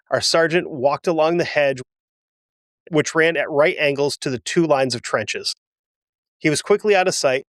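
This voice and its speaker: This history podcast host has a fairly high, slightly bright voice, captured in studio quality with no echo. Between passages of a first-hand wartime account he reads aloud, he breaks off for emotional asides that poke fun at himself.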